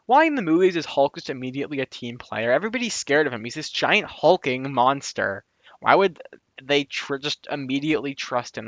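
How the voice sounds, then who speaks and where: A man's voice: mid-range voice, fairly bright tone, no echo, lo-fi sound. A man reviewing a show in a casual commentary monologue, chatty and opinionated, with asides and self-corrections. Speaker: video reviewer.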